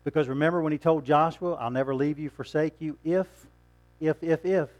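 A man's voice: a little high, fairly even intonation, fairly quick, faint music behind. A man preaching a sermon in a conversational way, asking rhetorical questions and chuckling now and then.

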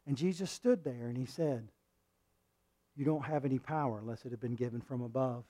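A male preacher delivering a sermon, reading scripture and swinging between loud, forceful passages and hushed ones. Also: medium pitch, fairly quick. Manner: reads scripture aloud and acts out quoted lines.

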